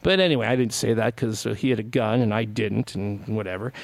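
A man's voice: fairly low pitch, a little fast, gravelly, dry recording. A middle-aged man hosting a radio show, telling a rambling story and acting out both sides of the conversation, full of "like" and restarts. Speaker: radio host. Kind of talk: casual storytelling on community radio.

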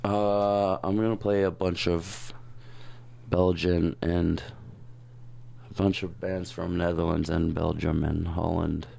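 A man's voice: low voice, level tone, takes it slowly, gravelly, dark tone. A man co-hosting a radio show, dry and sarcastic in casual chat at a studio mic. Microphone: studio microphone.

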